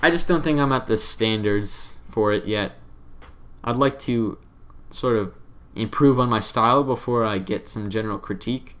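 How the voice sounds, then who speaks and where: A man's voice: on the low side, normal speed, a bit bright. A young man giving casual, rambling commentary over his own game footage, offhand and self-deprecating. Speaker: let's play commentator.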